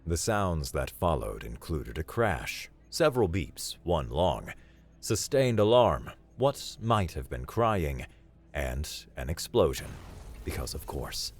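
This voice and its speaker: A man narrating a comedic sci-fi story in a wry, deadpan way. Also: extremely low pitch, slow.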